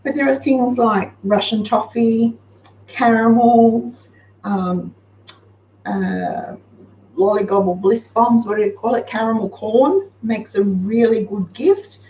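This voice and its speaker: A woman's voice: on the high side, slow, warm tone, distant mic. Australian woman, host, casual practical chatter; echoey room, faint background hiss. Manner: chatty, practical, giving homely advice. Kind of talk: casual live-show chat. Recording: roomy, slightly dull sound with faint noise.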